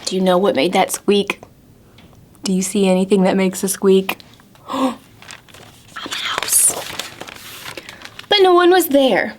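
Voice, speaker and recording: A woman's voice: medium pitch, very animated, normal speed, a little hiss or hum. A young woman who is a children's librarian, reading a picture book aloud at a preschool storytime and asking the children encouraging questions.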